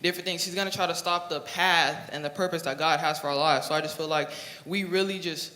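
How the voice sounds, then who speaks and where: A man's voice: fairly high pitch, fairly even intonation, quick pace, sharp tone. A young man giving a fervent, thankful church testimony about a mission trip. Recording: echoey hall, faint noise.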